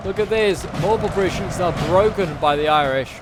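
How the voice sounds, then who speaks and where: A man's voice: high-pitched, fast talker, background noise. A man giving chatty play-by-play commentary on a strategy game battle, with wry asides. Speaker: gameplay commentator.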